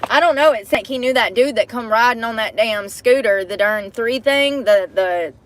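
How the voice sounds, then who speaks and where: A woman's voice: fairly high pitch, moderate pace, a little hiss or hum. A woman vlogging to a phone camera from inside her parked car, chatty and profane, breaking into laughter often. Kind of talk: casual chat to camera.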